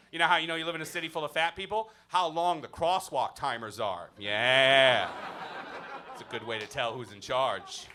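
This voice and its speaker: A man's voice: a little high, sharp tone. A man doing a stand-up comedy set in a comedy club, talking with the crowd and acting mock-indignant. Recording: live club audience laughter.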